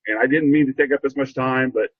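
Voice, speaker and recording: Older man, husky voice, earnest, halting, repeats words, emotional, dull lo-fi call audio. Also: mid-range voice, no echo. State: emotional, choked up. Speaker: program participant sharing a story. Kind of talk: heartfelt rambling testimony.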